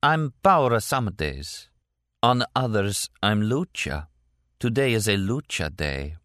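A man voicing a slow dreamy Italian woman. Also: on the low side, sing-song, a bit bright, no echo, clean studio sound, pitched above the performer's own voice, heavily acted.

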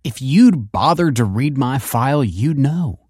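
A man's voice: lowish voice, big pitch swings, moderate pace, darkish tone, no echo, studio quality. A man reading a story aloud and voicing a defiant, foul-mouthed teenage schoolgirl with sarcastic, insolent lines.

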